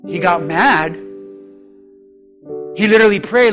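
A man's voice: high-pitched, moderate pace, over music. A man preaching a sermon in a church with impassioned delivery that swells and drops. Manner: impassioned, rising and falling preaching. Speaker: pastor. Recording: instrument playing behind the preaching.

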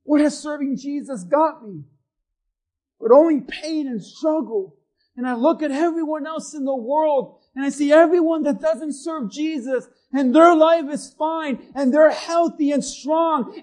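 A man preaching as pastor in a church, swinging between shouted peaks and hushed low passages, acting out the voices of the people he talks about. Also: measured pace, poor audio. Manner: acts out voices of doubters and accusers. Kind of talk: sermon.

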